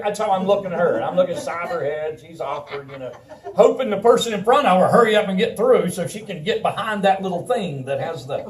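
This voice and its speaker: A man preaching a sermon in a conversational, animated way, telling a personal story and laughing often. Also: high voice. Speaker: pastor. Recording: roomy sound from a distant mic.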